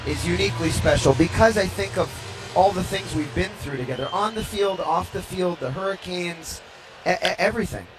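Slightly winded man, halting and upbeat. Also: high-pitched, over music, rough recording. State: slightly out of breath. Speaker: baseball team executive. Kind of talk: on-air interview. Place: ballpark during a game.

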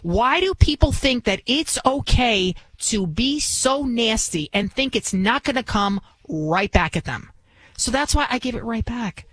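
A woman's voice: fairly high pitch, animated, a little slow, no room sound, poor audio. A woman in her forties, hosting a radio talk show with an indignant, ranting monologue. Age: 40s.

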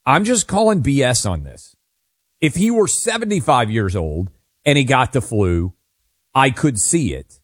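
A man's voice: mid-range voice, very animated, unhurried, breathy edge, no echo, studio quality. A man from Tennessee co-hosting a talk radio show, giving opinionated, wry takes in casual banter. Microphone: studio microphone.

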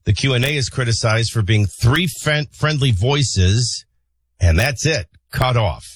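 A man hosting a morning talk radio show, mixing news headlines with opinionated, conversational commentary and frequent filler pauses. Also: mid-range voice, lively intonation, slightly rough, no echo. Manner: opinionated, conversational, sarcastic asides. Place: radio studio. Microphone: studio broadcast mic.

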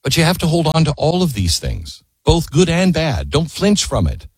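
Guy telling history with a lot of punch, voice swings up and down, a little husky, dry close sound. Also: on the high side, huge pitch swings, normal speed, no room sound. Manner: emphatic storytelling, with quoted voices and rhetorical questions. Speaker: speaker. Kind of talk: impassioned history talk.

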